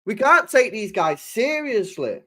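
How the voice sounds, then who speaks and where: A man's voice: high-pitched, very animated, unhurried, fairly bright tone. A young man chatting casually on a football stream, exasperated, swearing often and laughing.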